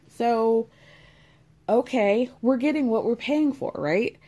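A woman's voice: a little high, takes it slowly, dark tone. A woman hosting a casual chat, recapping with sardonic, chatty asides. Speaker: podcast host recapping a reality show.

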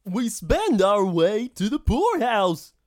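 Shrill comical hillbilly. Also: male voice, very animated, heavily acted. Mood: mocking. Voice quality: high, loud, drawn-out shouting. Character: exaggerated hillbilly man, comical.

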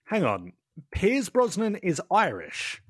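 A man co-hosting a casual chat, animated and calling his friend "mate" a lot. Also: sits high, takes it slowly, husky, no room sound, studio quality. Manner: animated, says "mate" often, many restarts. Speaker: podcast co-host.

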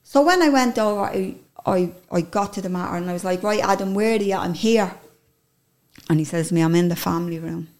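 A woman's voice: mid-range voice, a little fast, a little mellow. An Irish woman telling a personal story in an interview, candid and emotional, swearing casually as she talks.

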